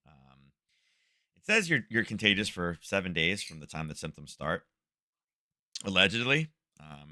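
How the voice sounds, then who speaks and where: A man's voice: sits low, pushed and bright, no echo, clean studio sound. A middle-aged man hosting a live trading show from home, giving casual market commentary in a chatty, rambling way full of fillers and restarts.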